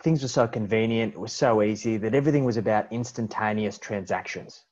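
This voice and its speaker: Male interviewer, easygoing, lowish voice, muffled lo-fi recording. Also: a little fast, darkish tone. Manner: casual, friendly, says "mate". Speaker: interview host. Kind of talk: conversational interview. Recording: dull lo-fi sound.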